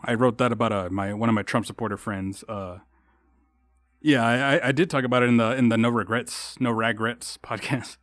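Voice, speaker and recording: A man's voice: mid-range voice, fairly even intonation, brisk, a bit bright, no echo, studio quality. A young man from Texas hosting a solo podcast, ranting in a heated, rambling way with constant swearing and restarts. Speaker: podcast host. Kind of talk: casual solo podcast rant.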